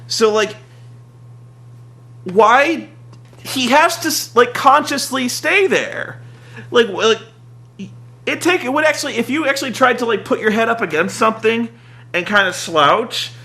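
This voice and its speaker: A young man rambling through a sarcastic, casual rant about a wrestling show, full of "like" and mocking asides. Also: very high voice. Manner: rambling, sarcastic, mocks with shouted impressions. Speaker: podcast host recapping wrestling.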